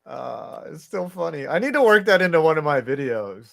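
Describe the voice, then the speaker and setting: A man with a slightly high voice chats loosely through a baseball game as co-host. He rambles and laughs at his own jokes. The talk drifts between play calls and side jokes. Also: sing-song, normal speed, creaky, a bit bright. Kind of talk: casual baseball watch-along chat.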